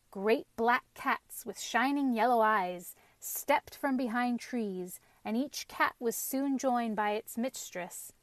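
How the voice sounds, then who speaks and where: A woman reads a children's storybook aloud, lively and expressive, with a fairly high voice. The recording is close and dry, with no room sound. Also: dry recording. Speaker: narrator.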